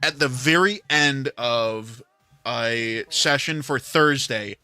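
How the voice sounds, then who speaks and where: A man's voice: mid-range voice, slow pace, bright, forceful tone, smooth, faint music behind. A man hosting a livestream, telling a rambling story in casual chat with plenty of filler words. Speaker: livestream host.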